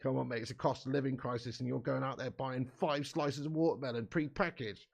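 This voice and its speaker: A man's voice: medium pitch, fairly even intonation, brisk, vocal fry. A young English man hosting a live stream, chatting in sweary, laddish banter with his viewers and laughing often. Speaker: livestream host. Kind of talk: live watch-along chat.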